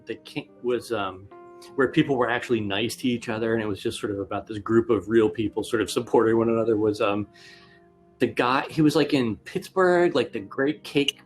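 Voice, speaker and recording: A man on a casual podcast stream, telling loose, rambling stories and poking fun at himself. His voice has a middle pitch, with faint music underneath. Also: a little fast. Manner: rambling storyteller, self-mocking. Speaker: podcast co-host. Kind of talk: casual chat.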